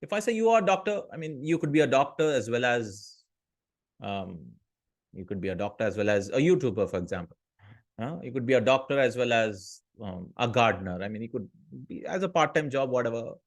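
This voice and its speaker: A man's voice: mid-range voice, animated, a little fast. A man teaching an online Arabic grammar lesson, explaining step by step and often checking in with listeners. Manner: explanatory, checks in with "right?" and "hmm?".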